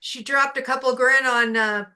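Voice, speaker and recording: A woman's voice: high voice, fairly even intonation, moderate pace, sharp tone. A woman guest on a casual panel chat, recounting her workday in a chatty way. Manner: chatty, anecdotal.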